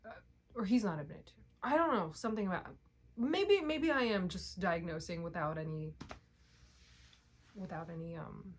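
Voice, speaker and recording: A woman's voice: lowish voice, expressive, normal speed, pauses often. A young woman vlogging in casual chat to camera, candid and rambling, laughing often and swearing now and then.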